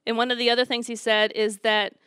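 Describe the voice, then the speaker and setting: Bright-voiced woman giving church testimony. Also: fairly high pitch, flat delivery, fast talker, smooth, dry recording. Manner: chatty, upbeat, laughs while telling stories. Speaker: youth leader giving testimony.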